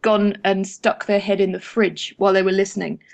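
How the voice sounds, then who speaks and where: A woman joining a comic podcast with rambling, halting jokes. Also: medium pitch, level tone, gravelly.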